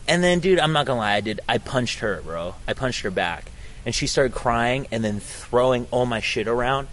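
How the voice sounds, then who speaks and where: A man's voice: medium pitch, animated, moderate pace, fairly bright tone, a little hiss or hum. A young adult man casually telling a story outdoors on a college campus, slangy and profane, saying "dude" and "bro" a lot. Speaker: podcast host.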